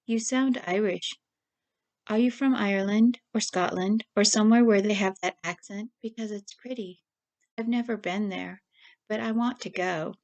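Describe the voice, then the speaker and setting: A woman voicing a grieving young woman who rambles nervously in long rushes. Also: mid-range voice, darkish tone, close to an everyday voice. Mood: rambling.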